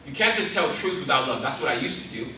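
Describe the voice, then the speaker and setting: An intense young man speaks to a crowd in a large hall. His voice is bright and pushing, and he sits a little back from the mic. The room gives it a heavy, boomy echo. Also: sing-song, fast talker, distant mic, slight background noise. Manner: intense, preacherly, rising to emphatic exhortation. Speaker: guest speaker. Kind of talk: motivational Christian talk.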